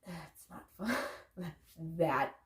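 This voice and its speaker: A woman's voice: on the low side, expressive, very slow, fairly bright tone, reverberant. A woman giving loose, candid motivational talk to her viewers, casually swearing and saying "like" a lot. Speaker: vlogger, parent.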